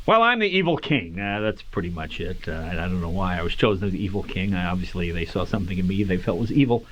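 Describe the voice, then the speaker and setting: A man's voice: deep voice, steady tone, fast. A man answering interview questions in a joking, self-deprecating way. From New England. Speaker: voice actor interviewee. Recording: dull lo-fi recording.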